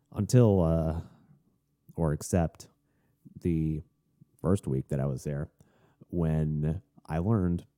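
A young Florida man rants casually on his podcast, his low, mellow voice jumping from loud, high bursts to quiet mutters. He tells stories animatedly, restarting often and tossing in asides as they wander.

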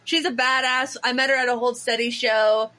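A woman podcast co-host in casual chat, telling stories in a lively, animated way with quick asides. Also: fairly high pitch.

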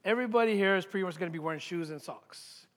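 A man preaching a sermon as a pastor, deliberate and emphatic, repeating key points with pauses. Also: sits high, fairly bright tone. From United States. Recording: long reverb from a large hall.

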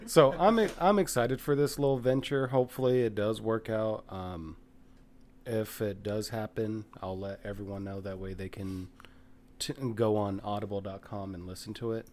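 A man with a lower voice hosting a podcast, talking in a relaxed, casual way as he runs through plugs and updates. A faint hiss sits behind him. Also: normal speed. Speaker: podcast host. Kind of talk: casual group chat.

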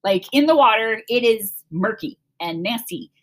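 Middle-aged mom from cleveland telling stories, voice swoops up and down a lot, keeps laughing. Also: female voice, fairly high pitch, moderate pace. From Cleveland, Ohio. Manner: animated, laughing, acts out her own panicked voice. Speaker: mother telling family stories. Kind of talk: casual storytelling chat.

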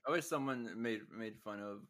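A man's voice: fairly low pitch, a little fast, a bit bright, slight background noise. A man co-hosting a podcast in loose, joking chat, laughing often and slipping into joke voices. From Mexico. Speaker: podcast co-host. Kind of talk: casual podcast banter.

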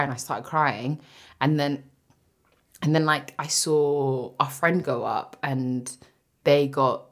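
A young woman co-hosting a podcast, telling an animated story in casual chat and swearing freely. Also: rumbling low, unhurried. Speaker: podcast co-host.

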